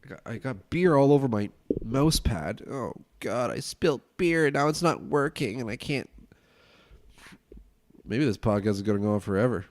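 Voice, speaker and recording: A man's voice: mid-range voice, lively intonation, normal speed, no room sound. A man hosting a casual solo podcast at home, ranting and swearing in a loose, tipsy way, his nose stuffed up. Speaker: podcast host.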